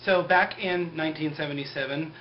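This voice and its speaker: A man's voice: on the high side, a little fast. A young man casually recapping a TV episode in a sarcastic, rambling way, full of "like". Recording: muffled lo-fi with faint hiss.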